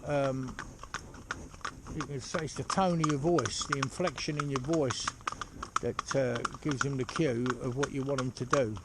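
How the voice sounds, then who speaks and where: A horse trainer talking casually outdoors while driving a pony cart, rambling and chatty with lots of "you know". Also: male voice, mid-range voice, steady tone, a little slow. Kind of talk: casual spoken instruction while driving ponies. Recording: loud hoof clatter and outdoor noise.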